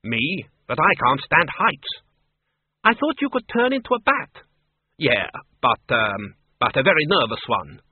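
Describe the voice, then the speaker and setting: A man's voice: on the high side, big pitch swings, measured pace, husky, full character voice. A man reading aloud and voicing a fretful, whining vampire count in a tinny, phone-like recording. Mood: whiny. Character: nervous, whiny male vampire count. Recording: tinny phone-like dry audio.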